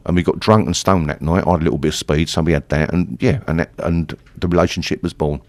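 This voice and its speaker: Deep-voiced older East London man. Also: steady tone, fast, few pauses, no room sound. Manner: rambling, swearing, chatty. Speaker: interview guest, punk singer. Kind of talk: casual storytelling interview.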